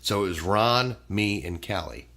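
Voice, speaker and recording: Middle-aged guy spinning wild work stories, lowish voice but bright and punchy. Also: unhurried. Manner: animated storyteller, acts out quoted voices, swears freely. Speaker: podcast guest. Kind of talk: casual storytelling chat.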